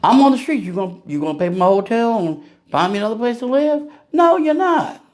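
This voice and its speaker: A man's voice: very high voice, big pitch swings, brisk, darkish tone. A man ranting casually to camera, firing off rhetorical questions and laughing at his own jokes. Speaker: vlogger. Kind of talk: casual political rant.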